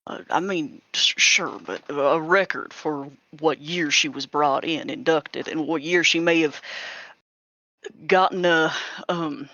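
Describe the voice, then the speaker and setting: A player questioning a character in a tabletop game, halting and probing. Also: mid-range voice, bright, forceful tone, no room sound, lo-fi sound.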